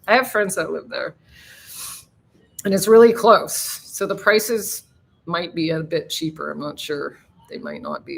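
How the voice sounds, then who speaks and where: A woman's voice: on the low side, a bit bright. A woman hosting a casual live stream, chatting with viewers and laughing, who swears freely.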